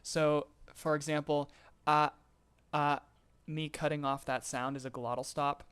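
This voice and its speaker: A man's voice: a little high, little pitch movement, unhurried, a bit bright, clean tone. Chatty man explaining on stream. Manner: chatty, laughs often, greets chat mid-explanation. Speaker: streamer teaching voicebank tuning. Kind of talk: casual live-stream tutorial.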